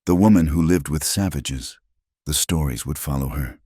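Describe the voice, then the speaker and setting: A man reading a frontier romance story aloud in a measured, dramatic narrating voice. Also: rumbling low, dark tone, slightly rough, no room sound, studio quality.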